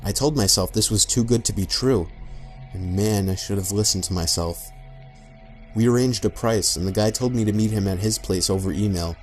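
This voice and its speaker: Male narrator, deeper side, calm and matter-of-fact horror storytelling over faint music. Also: moderate pace. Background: faint background music.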